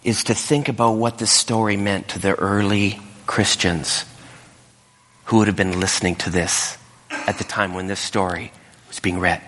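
Low-voiced male preacher telling a story. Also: normal speed. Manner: animated storytelling. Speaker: pastor. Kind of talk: sermon. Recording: reverberant hall.

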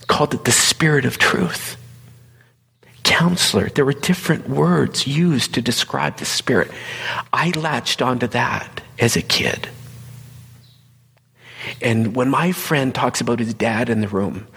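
A man, a pastor, giving an earnest, conversational sermon that often drops into hushed, whispered asides. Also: mid-range voice, measured pace, creaky, long pauses, breathy edge, long reverb tail. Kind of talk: personal sermon talk.

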